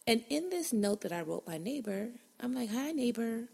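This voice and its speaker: Very animated at a normal speed, a woman hosting her own podcast speaks in a deeply gravelly, fry-filled voice that's husky, a bit rough, and slightly mellow. She tells a story casually and bluntly, cursing freely and performing her own reactions.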